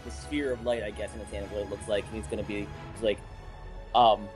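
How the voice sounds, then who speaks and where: A man's voice: lowish voice, little pitch movement, a little fast, over music. A man playing in a tabletop game, hesitant and thinking aloud as he describes his moves. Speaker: player. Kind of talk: casual tabletop game talk.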